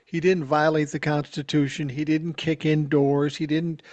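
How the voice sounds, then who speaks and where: A man's voice: a little high, level tone, moderate pace, darkish tone, highs cut off. A man from Georgia calling in as a regular guest on a political talk show, speaking bluntly and steadily with some cursing.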